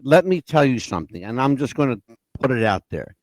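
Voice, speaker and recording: A man's voice: mid-range voice, sing-song, fairly quick, no echo. A man hosting a podcast, talking in an emphatic, profane, opinionated way. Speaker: podcast host. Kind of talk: casual opinionated chat.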